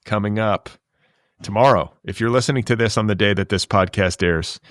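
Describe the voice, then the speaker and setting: A man hosting a pop culture podcast, chatting casually and reading ads in a dry, deadpan way. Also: lowish voice, brisk, no echo. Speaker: podcast host.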